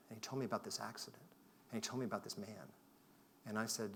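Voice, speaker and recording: A man's voice: lowish voice, fairly even intonation, quick pace, creaky, a little hiss or hum. Reflective man telling a story on stage. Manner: reflective, shifts from loud to hushed. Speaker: conference speaker. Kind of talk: storytelling keynote talk. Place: conference hall.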